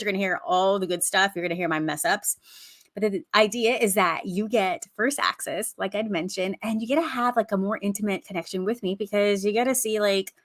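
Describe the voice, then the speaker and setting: A woman's voice: mid-range voice, a bit bright. A woman hosting her own podcast in casual, unscripted talk, chatty and effusive with lots of filler words. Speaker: podcast host.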